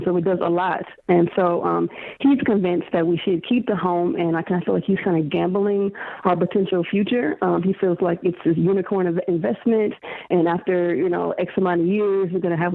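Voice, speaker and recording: A woman calls in to a radio advice show, laying out her family's situation with frequent hesitations. Her voice carries some vocal fry. It comes through a tinny, phone-like line. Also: fairly low pitch. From Detroit area. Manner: hesitant, lots of ums. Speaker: caller. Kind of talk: phone-in question.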